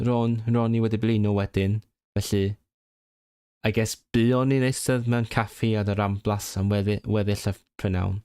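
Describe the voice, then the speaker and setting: During a casual livestream study session, a young non-native Welsh learner reads practice sentences aloud, thinking out loud, repeating words and correcting himself. His fairly low voice is smooth and mellow, and he drifts between studying and chatter. The recording is close and dry, with almost no room sound.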